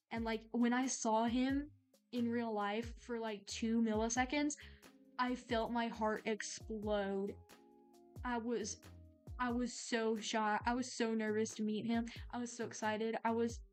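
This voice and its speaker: A young adult woman chatting casually while she draws on stream, excitable and gushing, rambling with lots of fillers. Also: fairly high pitch, measured pace, faint music behind. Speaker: art streamer. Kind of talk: casual chat while drawing.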